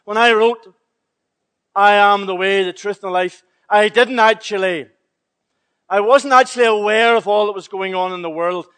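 Preacher playing God, man, high-ish voice, confiding, matter-of-fact. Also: normal speed, fairly bright tone, smooth. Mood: dismissive. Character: God, male, revising scripture, dismissive.

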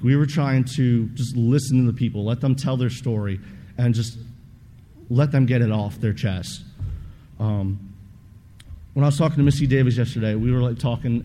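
A young man shares his story in an easygoing, rambling way, full of fillers but earnest. His voice is mellow and relaxed. It rings with a long reverb over a faint hiss, as if spoken in a big hall. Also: medium pitch. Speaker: mission trip participant giving testimony. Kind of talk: personal testimony talk. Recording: long reverb of a large room, faint noise.

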